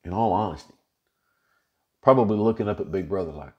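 A man's voice: low-pitched, brisk, warm tone. A male pastor teaching an informal Bible study, retelling scripture in a folksy, plain-spoken way.

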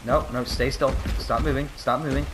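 A young man giving casual gaming commentary, swinging from mock grief to frantic yelling and swearing. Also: medium pitch, fairly even intonation, moderate pace, very noisy. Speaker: gameplay commentator.

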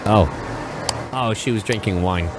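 A young man reacting to a video, sarcastic and profane, jumping between high mock-cheerful lines and low deadpan asides. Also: unhurried, very noisy. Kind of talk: casual reaction commentary.

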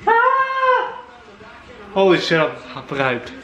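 A man reacting live to a hockey game, shouting, cheering and swearing. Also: high-pitched, expressive, a little slow, echoey room, dull audio.

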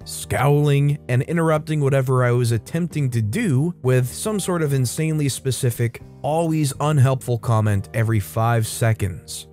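A man's voice: mid-range voice, darkish tone. Wry male storytime narrator. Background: faint background music.

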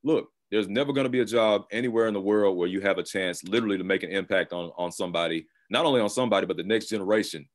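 A man moderating a panel discussion over a video call, relaxed and conversational. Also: lowish voice, racing, hardly any pauses. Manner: relaxed and conversational, with occasional laughs.

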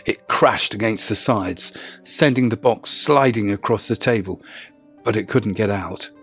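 A man narrating a first-person horror story in a measured, low-key way. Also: fairly bright tone, faint music behind.

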